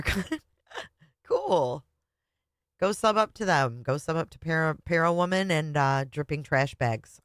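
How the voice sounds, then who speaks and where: Blunt, low-voiced woman streamer. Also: a bit bright, dry recording, clean studio sound. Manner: blunt and profane, chatty. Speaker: live stream host. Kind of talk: casual live stream chat, reading comments.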